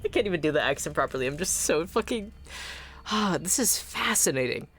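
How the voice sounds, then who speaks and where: A woman's voice: sits low, animated, a little fast, fairly bright tone, breathy edge, faint music behind. A woman streamer giving casual, chatty commentary on a game, with many fillers.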